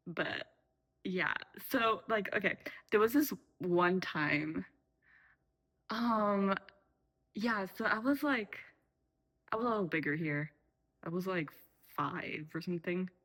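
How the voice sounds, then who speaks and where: Making tea at home, a young woman vlogger chats casually without a script, rambling with many fillers and self-corrections. Her voice is on the low side and a bit bright, captured in a low-quality recording.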